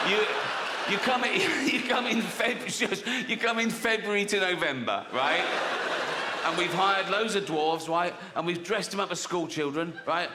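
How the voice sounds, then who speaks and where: A middle-aged man performs stand-up in a blunt, conversational way, breaking into laughter at his own lines. His voice sits a little high for a man. Loud audience noise and laughter fill the background. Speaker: stand-up comedian. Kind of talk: stand-up comedy set. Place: live venue with audience. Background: audience laughter and applause.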